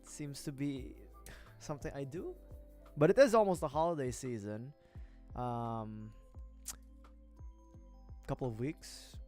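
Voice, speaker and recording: A man's voice: medium pitch, expressive, slow pace, long pauses, dark tone, soft background music. A young man from the Philippines rambling in a chatty, self-deprecating way while building a model kit on a livestream. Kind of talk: casual chat.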